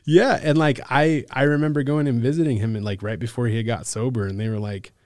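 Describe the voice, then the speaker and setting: A man from Alaska, a case manager, telling his recovery story in a relaxed, casual way, full of "like" and "bro" and quick laughs. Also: medium pitch, no echo, studio quality. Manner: laid-back, lots of "like" and "bro", laughs often. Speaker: podcast guest, case manager.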